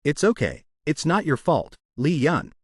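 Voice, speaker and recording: A protective father who works in rescue, read out by a man in a storybook recap sounds urgent but reassuring. His pitch rises and falls freely. The sound is dry and close. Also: very animated, measured pace, husky, no room sound, full character voice.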